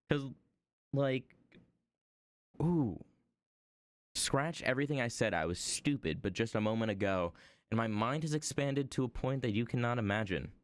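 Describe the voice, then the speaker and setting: A young man with a New York accent chats idly on a stream while crafting. His low, smooth voice wanders through jokey, self-mocking tangents. The sound is close and dry, with no room around it. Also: no room sound. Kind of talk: casual rambling chat while crafting.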